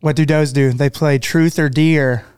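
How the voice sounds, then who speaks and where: A man's voice: fairly high pitch, steady tone, unhurried, darkish tone, clear, resonant tone. A church staff member, a man, teasing the others in casual chat. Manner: teasing, repeats himself.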